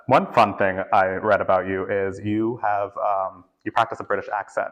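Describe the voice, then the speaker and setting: A man's voice: fairly low pitch, fairly even intonation, normal speed. Affirming man hosting an interview. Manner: affirming, frequent mm-hmms and yeahs. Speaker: interviewer host. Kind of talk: casual interview conversation.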